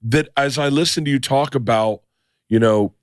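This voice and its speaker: A man hosting a podcast, telling stories in a rambling, excitable way and swearing freely. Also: medium pitch, moderate pace, no echo, studio quality. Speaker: podcast host. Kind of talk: casual podcast chat.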